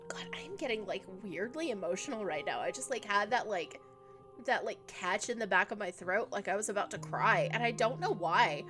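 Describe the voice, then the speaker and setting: A woman's voice: medium pitch, moderate pace, over music. A young woman giving chatty, emotional commentary as she plays a video game, full of likes and ums. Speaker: let's play streamer. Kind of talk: casual gameplay commentary.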